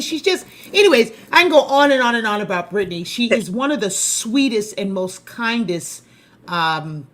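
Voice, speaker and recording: A woman hosting a podcast in casual chat, animated and emphatic, talking up her guest with bursts of excitement. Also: a little high. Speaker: podcast host.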